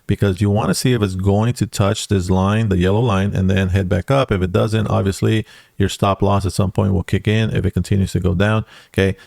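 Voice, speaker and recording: A man's voice: lowish voice, vocal fry, darkish tone, no room sound, clean studio sound. A man talking casually through stock charts as a trading educator, tagging lines with "okay" and "guys.". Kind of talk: casual screen-share chart walkthrough.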